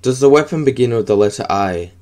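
A man's voice: medium pitch, animated, a little fast, a little mellow, natural voice. A man voicing a pompous, devout alien president who pleads solemnly with his god in an audiobook.

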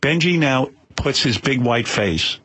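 Husky, animated male radio storyteller. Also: mid-range voice, a little slow, no echo. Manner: excitable storyteller, stammers on restarts.

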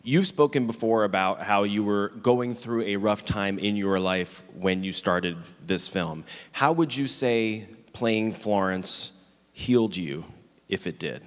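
A man from New York moderating an onstage interview, asking measured questions. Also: lowish voice. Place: large theater stage. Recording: long hall reverb.

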